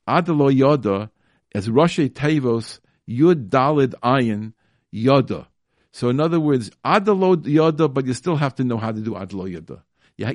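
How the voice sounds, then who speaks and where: A male radio host talks through a call-in show in a casual, emphatic way, stumbling over restarts and fillers before pressing his point. His voice sits at an ordinary middle pitch. The studio sound is dry, with no room echo. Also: darkish tone. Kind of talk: casual talk radio commentary.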